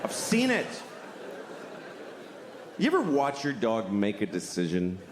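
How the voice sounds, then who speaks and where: A man doing stand-up in a big echoey hall, his pitch swinging widely between flat, wry asides and loud, squeaky outbursts. The recording carries a long reverb tail and a steady wash of room noise. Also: unhurried. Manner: deadpan, wry musing with sudden loud jumps. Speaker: stand-up comedian. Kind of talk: stand-up routine. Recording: echoey hall with noisy ambience.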